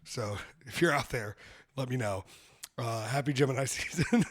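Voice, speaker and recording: Male podcast host, raised pitch, campy bawdy banter. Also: animated, normal speed, fairly bright tone. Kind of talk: casual chat.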